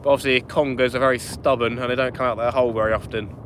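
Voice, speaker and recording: Wind noise from the open boat and the sound of wind and water surround this fishing channel host. He speaks fast in a mid-range voice with a level tone, chatting and greeting viewers by name as he streams live from a small inflatable boat at night.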